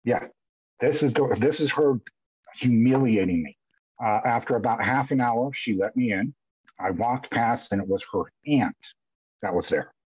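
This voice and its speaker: A man's voice: medium pitch, animated, moderate pace, breathy edge, no echo. A man guest on a podcast, candidly and emotionally retelling events with many restarts. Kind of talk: candid conversational storytelling. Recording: dull lo-fi audio.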